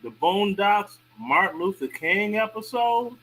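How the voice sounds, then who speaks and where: A man in a casual panel discussion, reacting with animated disbelief. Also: high-pitched, poor audio. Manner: animated, incredulous, quick reactions.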